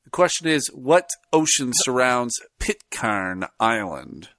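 A man hosts a casual podcast, rambling and laughing as he goes. His voice swings widely in pitch. The sound is dry and close. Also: slow pace, no echo. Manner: laughs often, animated and rambling. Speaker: podcast co-host. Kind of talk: casual chat.

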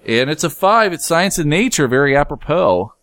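A man's voice: on the high side, big pitch swings, moderate pace, a bit bright. A man co-hosting a casual podcast, joking around and reading out trivia questions with a rambling delivery. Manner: jokey, rambling, quizmaster. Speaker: podcast co-host. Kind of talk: casual chat.

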